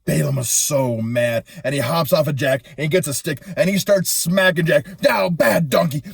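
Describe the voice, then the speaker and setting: A man telling a Bible story to children in an animated, playful way. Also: on the high side, normal speed, gravelly, husky, no echo, clean studio sound.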